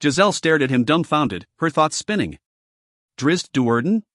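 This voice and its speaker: A man narrates a fantasy audiobook with steady, dramatic storytelling. His voice sits slightly high for a man. The recording is dry and close, with no room sound. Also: a little fast, no room sound.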